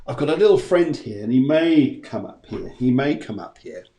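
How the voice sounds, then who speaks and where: A man's voice: medium pitch, sing-song, normal speed, warm tone. Chatty man hosting live readings. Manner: chatty, jokey, rambling with restarts. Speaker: psychic medium hosting a live show. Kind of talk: live-stream reading chat.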